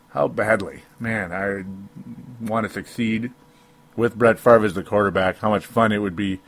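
A man's voice: fairly low pitch, a little slow, long pauses, a bit bright. Rambling man venting about football. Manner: rambling, self-interrupting, frequent rueful laughs. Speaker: sports commentator. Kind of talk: solo sports opinion podcast.

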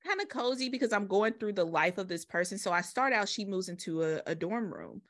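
A woman's voice: medium pitch, lively intonation, fairly quick, fairly bright tone. A woman co-hosting a podcast, chatting casually in a laid-back, dryly humorous way. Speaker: podcast co-host. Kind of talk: casual chat.

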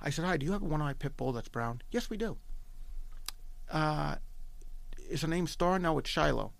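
A man's voice: on the high side, expressive, normal speed, gravelly, no echo. A middle-aged man from New York with a New York accent, telling a story as a podcast guest, emphatic and repeating himself, quoting dialogue. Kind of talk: animated storytelling.

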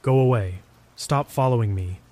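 A man's voice: medium pitch, moderate pace, dark tone, close to an everyday voice. A man voicing an uncanny male stranger whose speech comes out strained, fragmented and disjointed. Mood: strained eerie.

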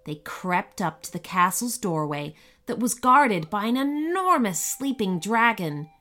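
Woman, children's story narrator, slow, animated, expressive. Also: mid-range voice. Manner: expressive, unhurried reading.

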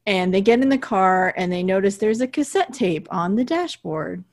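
A woman's voice: medium pitch, animated, normal speed, darkish tone. Chatty woman recapping an episode. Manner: chatty, recounts scenes with quoted lines and laughs. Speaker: podcast co-host. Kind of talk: casual chat recapping an episode.

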